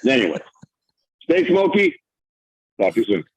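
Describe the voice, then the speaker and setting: A man's voice: medium pitch, wildly swooping pitch, normal speed, dull audio, a little hiss or hum. A man calling in by voicemail, griping with profane, exasperated humor. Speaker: caller. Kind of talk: voicemail call-in rant.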